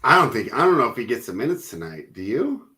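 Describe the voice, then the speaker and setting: A man hosting a casual sports betting chat, teasing his panel and laughing loudly. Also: medium pitch, sing-song. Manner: laughs loudly, teasing, quick back-and-forth. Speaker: host.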